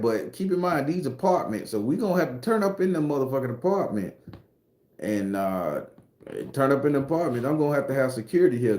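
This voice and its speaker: A man's voice: mid-range voice, dark tone, roomy sound. A man from Florida, hosting a casual livestream chat with loose, profane slang and jokes. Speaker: host and spooky storyteller.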